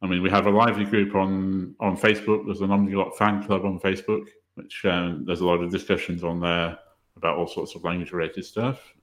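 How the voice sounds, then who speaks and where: Deep-voiced male guest, relaxed and unassuming conversationalist. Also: fairly quick. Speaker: podcast guest, language website creator. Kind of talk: casual interview conversation.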